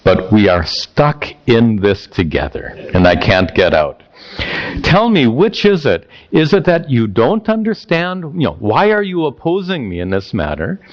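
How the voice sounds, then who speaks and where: A man's voice: mid-range voice, very animated, unhurried, muffled recording. A man voicing a sarcastic, angry young prince who speaks to his father like a mocking, exasperated teenager.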